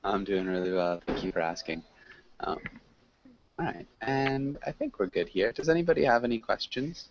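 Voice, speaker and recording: A man teaching an online English class, correcting students patiently and clearly. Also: fairly low pitch, lively intonation, normal speed. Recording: muffled lo-fi call audio with faint hiss.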